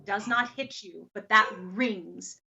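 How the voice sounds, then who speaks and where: A woman narrating as game master of a tabletop game, describing scenes with lively energy. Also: medium pitch, slow, gravelly, a little hiss or hum. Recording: slightly dull lo-fi sound.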